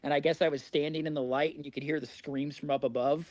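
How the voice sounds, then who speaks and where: A man's voice: a little high, little pitch movement, fast, a little mellow, no echo. A man in his forties from Indiana, a podcast guest telling stories casually and chuckling at his own tales. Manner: chatty, laughs through his own stories. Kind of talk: casual storytelling.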